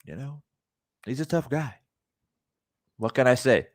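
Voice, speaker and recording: A man putting on a mocking version of a soft-spoken, self-satisfied young boxer, breezy and halting with fillers. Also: medium pitch, expressive, no echo, clean studio sound, pitched below the performer's own voice, close to an everyday voice.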